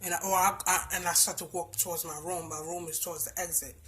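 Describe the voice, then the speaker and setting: A woman with a Bronx New York accent telling a personal story in a casual vlog, blunt and emphatic, with lots of swearing, swinging from hushed to loud. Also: lowish voice, level tone, fast talker, slight background noise. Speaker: storytime vlogger.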